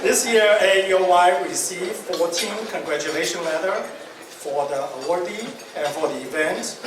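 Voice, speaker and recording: A man's voice: high-pitched, normal speed. A man speaking as a guest speaker at an awards ceremony, reading a prepared letter. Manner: reads from a prepared letter, light joking asides. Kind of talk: formal ceremony speech. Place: large banquet hall. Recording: echoey banquet hall, distant mic, noisy.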